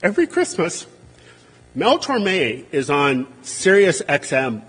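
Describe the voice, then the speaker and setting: A man's voice: on the high side, slow pace, in a large hall, slight background noise. A man giving a humorous, anecdotal eulogy for a friend and colleague at a memorial service, livening his stories by acting out what people said. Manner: humorous, animated when quoting others.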